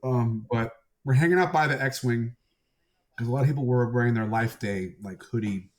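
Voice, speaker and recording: A mid-pitched man is the guest on a casual podcast, telling anecdotes with real enthusiasm. His talk is easygoing and full of quick asides. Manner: enthusiastic storyteller. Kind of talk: casual chat.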